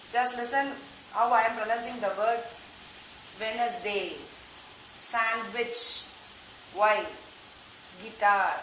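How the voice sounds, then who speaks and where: Woman, Indian English accent, English teacher, slow emphatic word drills, roomy echo. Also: fairly high pitch, a bit bright. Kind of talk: recorded online class lesson. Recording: echoey room with faint noise.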